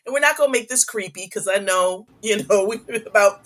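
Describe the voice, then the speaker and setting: A woman's voice: mid-range voice, fairly quick. A middle-aged woman talks as an interview guest and tells stories from her years in schools. She keeps checking in with "right?" and briefly acts out the people in her stories. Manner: animated, frequent "right?" tags, acts out quoted voices. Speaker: guest, former school superintendent. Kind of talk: casual interview storytelling.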